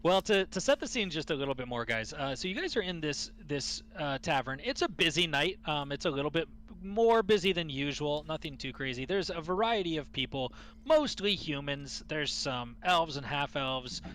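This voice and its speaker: A man narrating a tabletop game as game master, halting and full of restarts. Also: a little high, animated, a bit bright.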